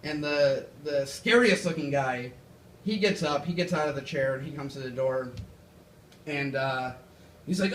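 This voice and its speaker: High-voiced young man doing stand-up. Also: a little slow. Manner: rambling, self-deprecating storytelling with fillers. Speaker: stand-up comedian. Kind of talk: stand-up comedy set. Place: comedy club stage. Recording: echoey club from far off. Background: audience laughter.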